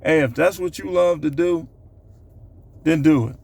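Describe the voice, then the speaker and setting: A man's voice: fairly high pitch, unhurried, vocal fry, darkish tone. A man hosting his own channel, talking loosely to the camera as he counts down a numbered list, with plenty of fillers and asides. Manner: loose, rambling delivery with many fillers. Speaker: channel host. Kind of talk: casual vlog monologue counting down a numbered list. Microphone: camera recording himself.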